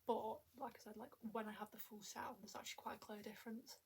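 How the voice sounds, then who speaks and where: Fairly high-pitched, creaky and slightly rough, her voice barely moves in pitch as she talks quickly with few pauses. The young woman vlogs at home into a tablet camera, chatty and self-mocking, a bit out of breath and often half-whispering.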